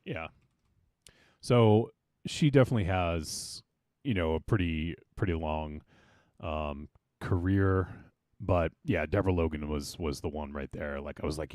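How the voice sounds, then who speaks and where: Podcast host, male, deep, casual rambly chatter, dry mic. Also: moderate pace, darkish tone, no room sound. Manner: rambling, many fillers and restarts. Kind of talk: casual film discussion.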